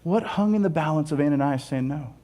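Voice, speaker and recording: A man preaching a sermon in a church, animated and humorous, repeating phrases for emphasis. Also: on the high side, fairly quick. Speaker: pastor. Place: church sanctuary.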